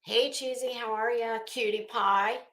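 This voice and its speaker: A woman's voice: a little high, steady tone, measured pace, fairly bright tone, reverberant. A woman hosting a casual live stream, chatting with viewers by name and swearing freely. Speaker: live stream host reading chat.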